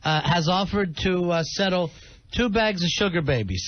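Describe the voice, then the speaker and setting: A man's voice: high-pitched, lively intonation, moderate pace. A man hosting a radio talk show, teasing a colleague and reading listener messages aloud. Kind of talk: casual radio banter. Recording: dull radio broadcast audio with faint hiss.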